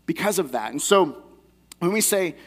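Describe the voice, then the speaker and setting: A man with a notably high-pitched voice delivers a sermon. He speaks like a pastor teaching his congregation, in a conversational and earnest tone. He sounds like a young adult. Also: expressive, normal speed, fairly bright tone, breathy edge.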